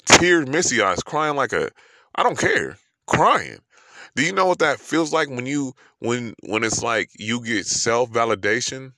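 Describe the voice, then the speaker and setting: A man's voice: medium pitch, big pitch swings, unhurried, pushed and bright. A man with a New York accent ranting about love in a profane, emphatic monologue full of rhetorical questions.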